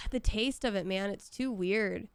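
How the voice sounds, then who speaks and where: A woman chatting on a casual stream from home, telling animated stories with some casual swearing. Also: medium pitch, unhurried, clean tone, dry recording. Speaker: voice actor signing on stream.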